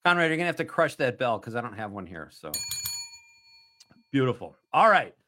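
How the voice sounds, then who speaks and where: A man's voice: mid-range voice, sing-song, sharp tone, a little hiss or hum. Upbeat man hosting a radio quiz. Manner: upbeat, laughs often, quick asides. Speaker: radio host running a quiz. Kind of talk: casual radio chat.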